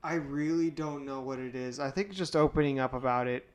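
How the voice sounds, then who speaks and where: A man's voice: mid-range voice, brisk. A young man talking candidly in a casual podcast chat, rambling with lots of fillers. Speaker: podcast guest.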